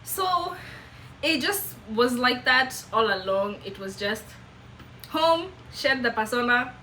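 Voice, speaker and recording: A young Kenyan woman with a Kenyan English accent, telling a chatty, animated, self-mocking story to camera. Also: a little high, takes it slowly, a little hiss or hum, poor audio. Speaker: vlogger.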